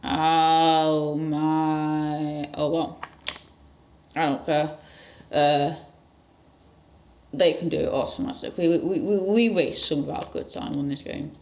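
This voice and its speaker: Slow, gravelly gaming channel host. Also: medium pitch, fairly even intonation. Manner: rambling, with sudden loud outbursts. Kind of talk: casual let's-play commentary.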